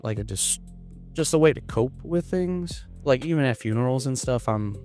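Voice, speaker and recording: A young man from Florida, a comedian guest in a casual interview, talking in a hesitant, halting way with many restarts. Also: mid-range voice, lively intonation, a little mellow, soft background music. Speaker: podcast guest, stand-up comedian.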